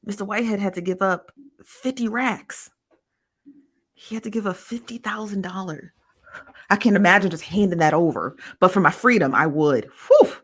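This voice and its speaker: A woman's voice: mid-range voice, moderate pace. A woman hosting a casual live stream, reading viewer comments aloud and answering them. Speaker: host reading live chat.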